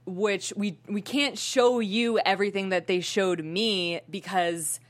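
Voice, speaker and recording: A woman's voice: medium pitch, steady tone, slow. Chatty, giggly woman hosting a show. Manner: chatty, giggly, filler-heavy. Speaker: show host. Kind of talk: casual entertainment news chat.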